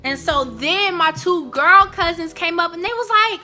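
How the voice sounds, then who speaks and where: A young woman telling a personal story in a casual, animated, chatty way. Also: very high-pitched, normal speed, soft background music. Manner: animated, chatty, jumping into quoted voices. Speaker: vlogger.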